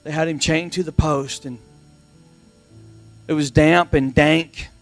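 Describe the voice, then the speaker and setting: Emphatic, higher-voiced man preaching. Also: fairly even intonation, slow pace, soft background music. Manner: emphatic repetition with swings from hushed to loud. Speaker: pastor. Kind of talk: sermon.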